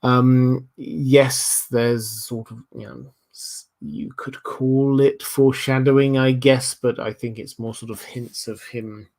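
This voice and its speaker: A man with a Southern English accent hosts a livestream and answers viewer questions at an unhurried pace. He thinks aloud, with plenty of ums and uhs between his points. His voice sits at an ordinary middle pitch. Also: level tone, creaky, a little mellow. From Hampshire, England. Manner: thoughtful, hesitant, many ums and uhs. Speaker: livestream host.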